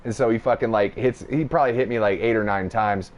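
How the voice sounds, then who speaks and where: A man's voice: lowish voice, quick pace. A young man hosting a podcast, telling a rambling, profane story in casual chat. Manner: profane, rambling, animated retelling. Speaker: podcast host.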